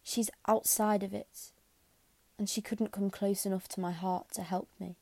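A woman's voice: medium pitch, fairly even intonation, a little slow, creaky, mellow, no room sound. A woman voicing a grieving, tearful orphan girl who pleads to be comforted.

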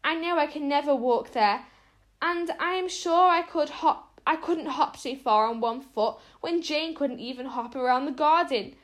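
A woman's voice: high voice, measured pace, voice pushed up. A woman voicing an imaginative young girl who speaks in an earnest, theatrical way, read from a storybook. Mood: pained. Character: dramatic, imaginative young girl, hurt but brave. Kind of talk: storybook reading.

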